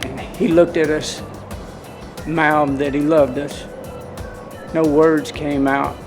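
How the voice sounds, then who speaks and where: A man's voice: fairly high pitch, little pitch movement, slow. A man with a Southern US accent tells a personal story and shares his spiritual views in an earnest, folksy, rambling way, filming himself outdoors on a handheld camera. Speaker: vlogger. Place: outdoors in cold wind. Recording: background music under the voice.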